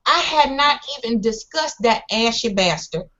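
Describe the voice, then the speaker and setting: A woman's voice: on the high side, expressive, moderate pace, sharp tone, highs cut off. A woman co-hosting a casual online chat show, sassy and teasing, speaking over a voice call.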